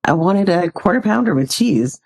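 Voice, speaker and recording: Low-voiced woman podcast guest. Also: lively intonation, darkish tone. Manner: measured and reflective, laughing easily. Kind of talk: casual chat.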